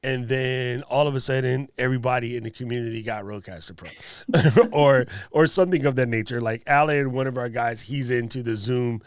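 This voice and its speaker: A man's voice: medium pitch, steady tone, fairly quick, smooth, no echo, clean studio sound. A man hosting a livestream in a casual, joking way. He laughs often as he thanks his guest and talks to viewers. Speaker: livestream host.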